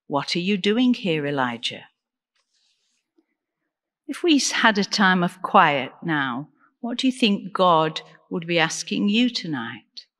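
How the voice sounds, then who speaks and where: Slow-speaking woman preacher in a reverberant church. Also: on the low side, a bit bright. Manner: earnest, measured preaching with rhetorical questions. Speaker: deacon preaching. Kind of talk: sermon.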